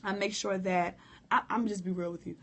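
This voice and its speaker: A hoarse woman who coughs now and then, giving a candid, informal live-stream talk on prayer and speaking straight to her viewers. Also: mid-range voice, steady tone, fairly quick. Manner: candid, informal, preacherly direct address. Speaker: motivational speaker.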